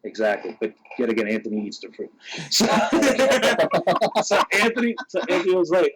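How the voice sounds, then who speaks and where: A man's voice: high-pitched, moderate pace, low-quality recording. A man on a podcast telling a story casually, laughing and acting out his friends' lines. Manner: animated, laughing, voices friends in quotes. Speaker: podcast co-host.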